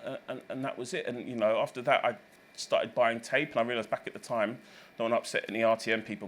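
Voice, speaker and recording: A man's voice: lowish voice, a bit bright, a little hiss or hum. A man in his thirties, a recording engineer, telling stories in an interview, rambling with many fillers and self-corrections. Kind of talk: reflective interview storytelling.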